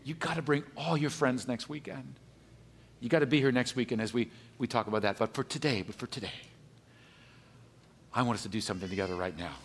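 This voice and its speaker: A man pastor preaching a sermon, animated, swinging between emphatic high peaks and quiet, low asides. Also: a little fast, slightly rough. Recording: long hall reverb.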